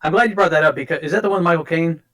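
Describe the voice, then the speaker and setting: Podcast host guy, slightly high voice, chatty and rambly, gets into it. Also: racing, a bit bright, low-quality recording. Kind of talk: casual chat.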